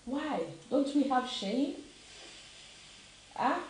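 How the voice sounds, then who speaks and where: Speaking very slowly in a high-pitched, expressive voice, a middle-aged Nigerian commentator with a Nigerian accent gives a passionate opinion talk. She emphatically repeats questions and slips into Yoruba, and the recording comes from a very echoey room with faint noise.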